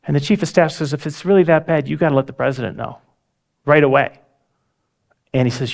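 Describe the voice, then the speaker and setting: A man with a slightly higher voice tells a story at a talk. He acts out the quoted dialogue as he goes, and the telling is vivid. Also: a little fast, gravelly. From United States. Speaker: speaker. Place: lecture hall.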